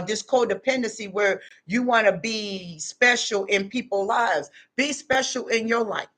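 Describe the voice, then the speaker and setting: A woman's voice: fairly high pitch, a bit bright. A middle-aged woman talking straight to her viewers in a casual monologue, blunt and plain-spoken with street slang. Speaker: vlogger giving life advice.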